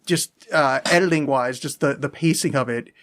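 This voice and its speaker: A man's voice: mid-range voice, moderate pace, a bit bright. A man co-hosting a podcast, talking in a sarcastic, rambling way in casual chat. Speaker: podcast co-host.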